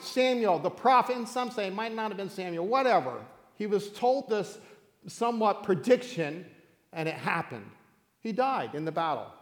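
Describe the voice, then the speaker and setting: A high-voiced male pastor tells a scripture story like a campfire tale, playful and animated, often laughing. His voice carries a long reverb from a large hall.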